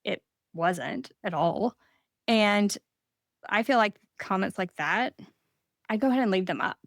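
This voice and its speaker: Woman, Southern US accent, casual podcast co-host, earnest delivery, mid-range pitch, dry sound. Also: lively intonation, unhurried, gravelly, no room sound. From Southern United States. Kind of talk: casual conversational advice.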